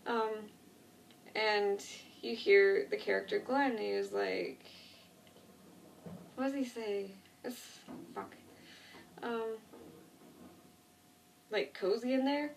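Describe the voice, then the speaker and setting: A woman's voice: medium pitch, steady tone, takes it slowly, gravelly, long pauses, a little hiss or hum. A woman retelling a TV episode in a casual, rambling way, correcting herself often and filling gaps with "like.". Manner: rambling, self-correcting, lots of 'like'. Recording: distant mic.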